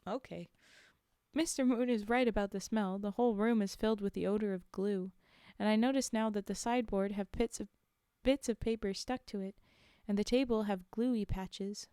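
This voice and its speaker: A woman's voice: mid-range voice, fairly even intonation, moderate pace, dark tone, clean tone, no echo, clean studio sound. A woman streamer reading a story aloud, breaking off for chatty, laughing asides to her chat.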